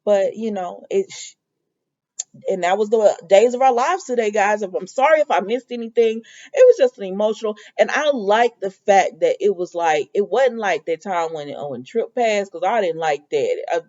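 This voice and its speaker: A woman's voice: mid-range voice, normal speed, lo-fi sound. A woman vlogger casually recapping a soap episode, retelling scenes with quoted lines and speech. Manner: animated retelling with quoted dialogue.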